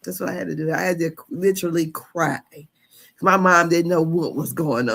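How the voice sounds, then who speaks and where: A woman's voice: fairly low pitch, moderate pace, gravelly, fairly bright tone. A woman in her fifties hosting a casual live stream, chatty and candid, laughing often as she talks. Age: 50s. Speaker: podcast host.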